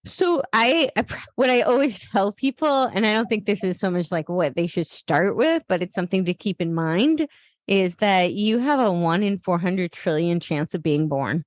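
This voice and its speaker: A woman's voice: medium pitch, expressive, normal speed, no room sound, clean studio sound. A woman guest on a podcast who talks casually and loosely, with many fillers and restarts. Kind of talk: casual interview talk.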